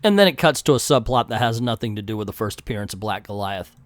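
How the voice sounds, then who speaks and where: A man's voice: fairly low pitch, expressive, quick pace, no echo, studio quality. A man in his fifties reviewing a comic book casually, with sarcastic asides.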